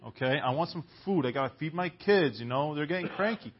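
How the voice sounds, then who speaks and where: A man voicing his hungry belly as an impatient, grumbling figure, speaking low and slowly, on a dull lo-fi recording. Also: lively intonation, breathy edge.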